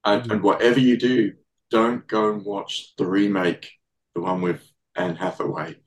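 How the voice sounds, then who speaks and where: A man co-hosting a podcast, relaxed and emphatic in casual chat. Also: fairly low pitch, measured pace, a little hiss or hum, poor audio. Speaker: podcast co-host.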